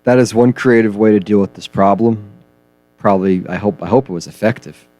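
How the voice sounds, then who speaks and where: A man co-hosting a comedy news radio show, reading stories and giving dry, deadpan reactions. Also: lowish voice, brisk, dry recording.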